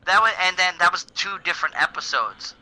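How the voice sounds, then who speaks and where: A man's voice: sits high, lively intonation, a little fast, bright, forceful tone, poor audio. A man co-hosting a podcast in casual chat, retelling scenes with lots of swearing and put-on voices. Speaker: podcast co-host.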